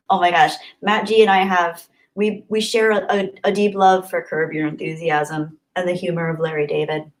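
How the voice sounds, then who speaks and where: A woman's voice: fairly low pitch, level tone, moderate pace, hardly any pauses, low-quality recording. A young woman hosting a live stream, reading viewer messages and thanking them in an emotional, effusive way. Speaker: livestream host.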